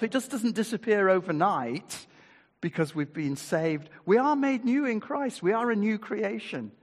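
A man's voice: sits high, breathy edge, in a large hall. An older man preaching a sermon in a chatty way, reading scripture aloud and asking his listeners rhetorical questions.

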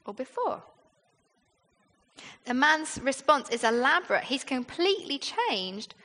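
Woman, British accent, preacher, high voice, sermon, conversational, rhetorical questions, long hall reverb. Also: very animated, unhurried, pushed and bright.

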